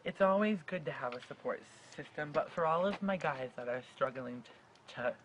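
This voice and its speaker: A man's voice: a little high, animated, a little fast, fairly bright tone, poor audio. A young man in his late teens talking straight to the camera in a sincere, heartfelt vlog. He stutters and restarts words now and then. A faint background hum sits under his voice. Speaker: vlogger. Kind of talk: personal advice vlog.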